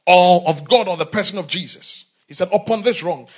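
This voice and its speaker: High, animated male preacher. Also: moderate pace, hardly any pauses. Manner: often asks the congregation questions; swings between shouting and quiet talk. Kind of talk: sermon.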